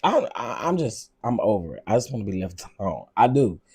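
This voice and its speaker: A man hosting a casual vlog, ranting in an animated, repetitive, exasperated way. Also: lowish voice, fairly quick, slight background noise. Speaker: vlog host.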